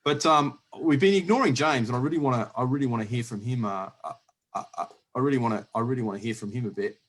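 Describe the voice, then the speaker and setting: Aussie guy hosting a podcast, husky voice, keeps restarting his sentences. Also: medium pitch, quick pace, fairly bright tone. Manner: rambling with many restarts and laughs. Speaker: podcast host. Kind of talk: casual conversational interview.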